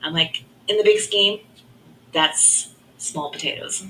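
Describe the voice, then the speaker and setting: A middle-aged woman sharing her faith testimony in an earnest, reflective way, often trailing off softly. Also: mid-range voice, slow, slight background noise, low-quality recording.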